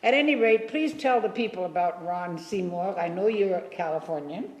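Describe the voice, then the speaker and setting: A woman's voice: on the low side, moderate pace. A woman hosting a local interview show, chatty and playful, laughing often. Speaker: talk show host. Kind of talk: casual interview chat. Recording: echoey hall with long reverb.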